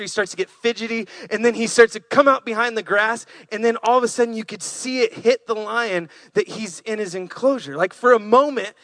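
A man preaching, telling animated stories and acting out animals with playful voices. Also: high voice, vocal fry, no room sound, clean studio sound. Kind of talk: storytelling sermon.

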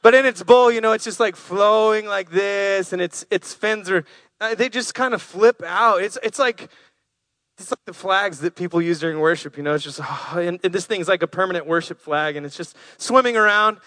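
A man preaching, telling animated stories and acting out animals with playful voices. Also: sits high, moderate pace, dry recording, studio quality. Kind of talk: storytelling sermon.

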